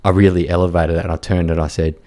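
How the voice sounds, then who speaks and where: A man with a very low voice talks bluntly as a podcast guest. He rambles through a story, peppering it with fillers and the odd curse word. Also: level tone, fast talker, a little mellow. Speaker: podcast guest, war reporter. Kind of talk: casual storytelling chat.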